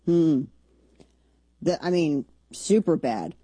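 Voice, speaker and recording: A combative woman hosting talk radio, blunt and sarcastic as she argues her point. Her voice sits fairly low, with a dark, slightly husky tone. The sound is close and dry. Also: lively intonation, slow pace, dry recording. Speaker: radio talk show host. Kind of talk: opinionated political talk radio.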